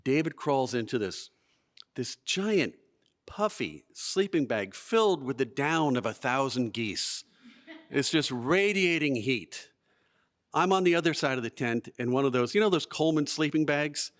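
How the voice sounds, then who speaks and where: A man's voice: mid-range voice, expressive, unhurried, a bit bright. Guy doing live storytelling at a museum event, wry, jokes at his own expense. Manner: self-deprecating, comic timing. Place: museum event space before an audience.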